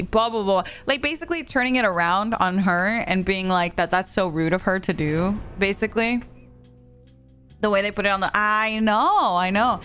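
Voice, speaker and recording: A young adult woman streaming a game, chatting casually and telling a story in an animated way, with lots of "like.". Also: fairly high pitch, normal speed, soft background music. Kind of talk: casual chat while gaming.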